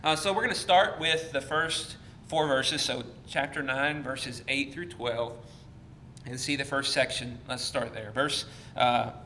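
Man teaching Bible study, bright echoey voice. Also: mid-range voice, measured pace. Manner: conversational, many fillers and restarts. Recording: echoey room with faint noise.

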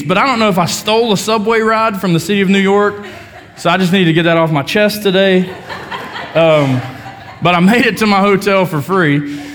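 A man's voice: high-pitched, moderate pace, fairly bright tone, slight background noise. Man preaching in a reverberant church hall. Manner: storytelling, self-deprecating humor. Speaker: pastor. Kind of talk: sermon. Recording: long reverb of a large hall.

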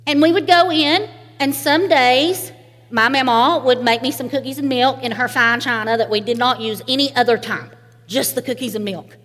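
A woman's voice: high voice, moderate pace, fairly bright tone, big-room sound. A woman from Eastern Kentucky with a local accent, giving a sermon in a folksy storytelling way and laughing often. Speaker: speaker.

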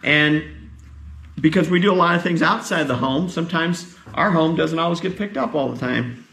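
A man's voice: a little high, moderate pace, gravelly, fairly bright tone, roomy sound. A male pastor giving a conversational sermon, tired, often asking his congregation questions.

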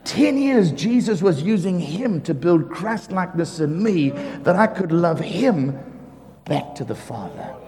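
A man preaching as a pastor, telling lively stories about his neighbours, acting out the quotes and often laughing. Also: on the high side, measured pace, crowd noise. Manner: animated storyteller, acts out quotes, laughs often. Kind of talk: sermon storytelling. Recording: reverberant hall with faint ambience.

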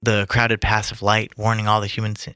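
A man's voice: lowish voice, completely flat delivery, moderate pace, sharp tone, smooth, dry recording, studio quality. A tired man reading a classic story aloud to friends late at night, often stumbling and restarting lines. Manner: stumbling, restarting, swearing when lost. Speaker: reader among friends.

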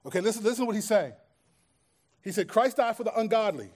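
A man's voice: high voice, lively intonation, fast, pauses often, a little mellow. A man preaching a sermon as pastor, in a conversational way that acts out everyday scenes and quoted voices.

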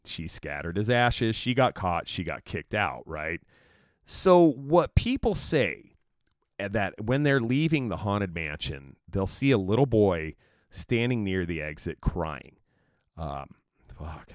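A man's voice: fairly low pitch, very animated, slow, no room sound, clean studio sound. A man hosting his own podcast, telling a story in a rambling, casual way with lots of fillers and swearing. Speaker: podcast host.

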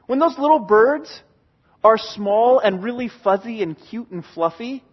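Man, pastor, sermon, high voice, earnest, emphatic, repeats phrases, muffled lo-fi recording. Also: expressive, a little slow, slightly rough. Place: church in Oregon.

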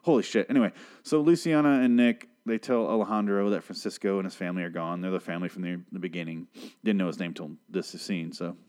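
A man with a fairly low voice talks through a show's episode on his own. He swears freely and drifts into sarcastic tangents. His delivery is loose and unscripted, like a casual podcast monologue. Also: fast, a little mellow. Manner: profane, rambling, sarcastic. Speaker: podcast host recapping a TV show. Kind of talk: casual solo recap and rant.

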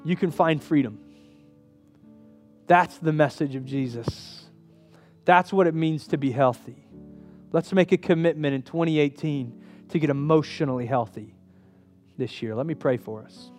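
Earnest pastor, high voice, soft guitar. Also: male voice, normal speed, pauses often. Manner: earnest, shifting from hushed and intimate to raised and emphatic. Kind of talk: sermon.

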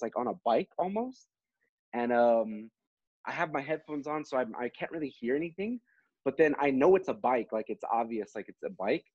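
Husky rambling male teacher. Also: mid-range voice, a little mellow, no room sound, highs cut off. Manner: rambling storyteller, many fillers. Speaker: teacher and podcast co-host. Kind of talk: casual chat.

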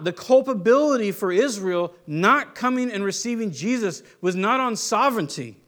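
High-pitched guy giving a sermon, chatty, lots of questions and restarts. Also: animated, normal speed, few pauses, a bit bright. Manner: conversational teaching with rhetorical questions and restarts. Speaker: pastor.

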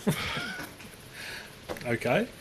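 A man co-hosting a podcast in casual chat, animated and swearing, acting out the voices he quotes. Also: very slow, background noise. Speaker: podcast co-host.

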